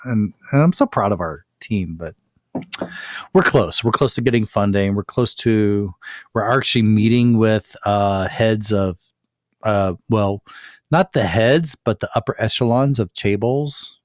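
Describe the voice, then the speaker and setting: A man's voice: on the low side, a little slow, dry recording, studio quality. A man co-hosting a podcast, chatting casually in a rambling, self-amused way with frequent restarts. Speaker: podcast co-host. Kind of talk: casual chat.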